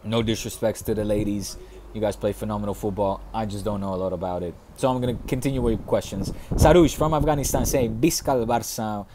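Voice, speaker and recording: A man's voice: on the low side, fast talker, warm tone, slight background noise. A man hosting a fan live stream, chatting casually and reading out viewer questions in a rambling, profane way. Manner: rambling, profane, banter with chat.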